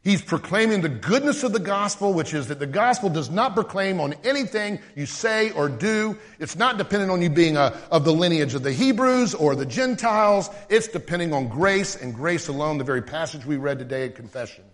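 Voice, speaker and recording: A male pastor delivers a lively sermon in a fairly high voice. He slips into the voices of the people he quotes, swinging between loud and quiet. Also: a little fast, few pauses, in a large hall. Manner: animated preaching, acting out quoted voices.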